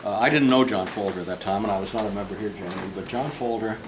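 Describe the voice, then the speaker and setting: An older man, a portrait painter, is giving a tour of a club interior and telling a group in the room a long, funny, rambling anecdote, acting out the voices he quotes. His voice is fairly low and his pace is quick. The background is noisy.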